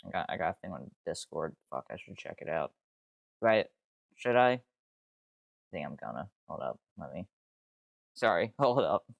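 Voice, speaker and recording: A man's voice: sits low, sing-song, moderate pace, gravelly, pauses often, no room sound, lo-fi sound. A young man streaming casually, rambling and easily sidetracked, swearing freely with exasperated outbursts. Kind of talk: casual live-stream commentary.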